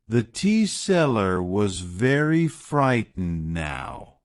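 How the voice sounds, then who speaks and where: A man narrating a graded reader story in a slow, clear, deliberate way. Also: medium pitch, big pitch swings.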